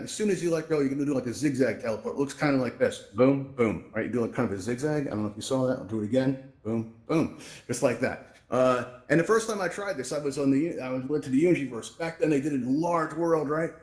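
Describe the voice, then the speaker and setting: His VR headset microphone picks up a reverberant sound as this New Yorker, upbeat and chatty, walks a live audience through the controls at a virtual reality event held in a VR social space. His mid-range, slightly mellow voice moves fast with few pauses.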